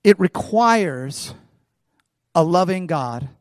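Male pastor, high voice, chatty sermon delivery with restarts, dry mic with long hall tail. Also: lively intonation, slow. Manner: casual, conversational preaching with many fillers and restarts.

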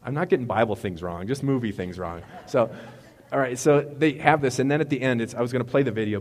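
A man preaching a sermon in a relaxed, conversational way, retelling movie scenes and correcting himself as he goes. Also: on the low side. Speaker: pastor. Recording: long reverb of a hall.

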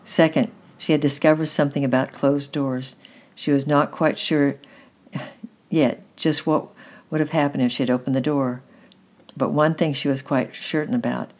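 A woman gently reading a children's story aloud at an unhurried pace. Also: rumbling low, steady tone.

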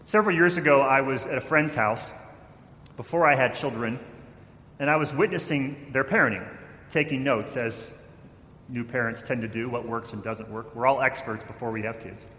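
Man, pastor, sermon, mid-pitched voice, long echoey hall reverb, faint background noise. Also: normal speed. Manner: storytelling with shifts in loudness, acting out quotes.

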